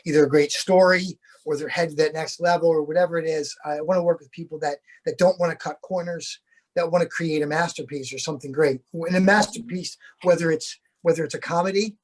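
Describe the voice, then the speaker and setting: A man's voice: on the high side, steady tone, a little fast. A middle-aged man, an actor being interviewed, talking in a rambling, good-humored way with many restarts. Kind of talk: casual interview chat.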